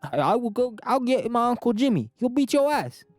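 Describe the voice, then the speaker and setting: A man voicing a brash teenage boy acting like an Italian-style mob tough, picking fights with rapid-fire taunts. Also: high-pitched, big pitch swings, darkish tone, no echo, soft background music, pitched above the performer's own voice. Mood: aggressive.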